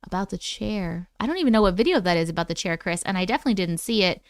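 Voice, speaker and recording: Her speech races along at a medium pitch, clear and resonant, captured in clean studio sound without any echo. She's an Oklahoma-accented woman running a laid-back livestream, reading chat while she vents with plenty of cursing and laughter. The mood is animated and exasperated throughout.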